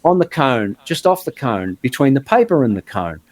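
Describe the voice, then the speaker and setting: A man talking as a guitarist guest in a casual podcast chat, an animated storyteller who mimics other players. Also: mid-range voice, normal speed.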